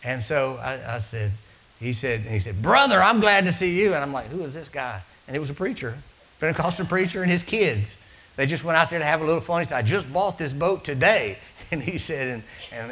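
Bright-voiced preacher, loud then hushed. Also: male voice, mid-range voice, poor audio. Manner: storytelling, swinging from loud to hushed. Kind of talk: sermon.

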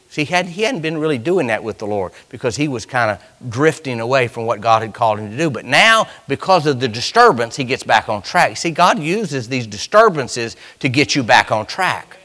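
A man preaching a sermon, swinging between loud, fervent lines and hushed, drawn-out ones, with folksy Southern phrasing. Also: medium pitch, sing-song.

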